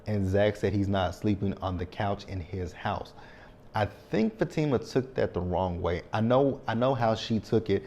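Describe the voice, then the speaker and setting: A man in his thirties talks through a TV episode in a casual vlog recap, his voice sitting slightly low. He speaks frankly and keeps checking in with tag questions as he goes. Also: moderate pace, darkish tone, a little hiss or hum. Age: 30s. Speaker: TV show recap reviewer.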